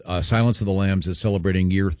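A man's voice: low voice, fairly even intonation, fast talker, noisy background. A man chatting and joking in casual studio banter, laughing often at the microphone.

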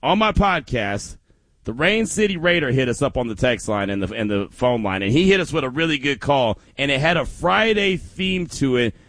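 A man hosting a sports talk radio show, telling stories with lots of laughter and animated energy. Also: medium pitch, normal speed, no echo.

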